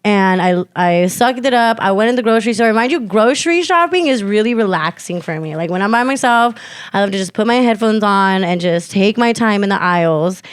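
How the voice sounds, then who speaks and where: A woman's voice: medium pitch, animated, fairly quick, clean tone, no room sound. A young woman co-hosting a podcast, telling a story in loose casual chat, full of fillers and swearing. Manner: loose, filler-heavy, swears freely, acts out quotes loudly. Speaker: podcast co-host.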